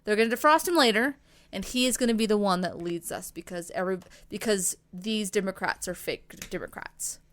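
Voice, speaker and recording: A woman's voice: medium pitch, brisk, fairly bright tone. A woman in her thirties co-hosting a podcast, rambling in casual chat, full of "like" and casual swearing. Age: 30s. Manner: chatty, rambling, swears, lots of fillers. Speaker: podcast co-host.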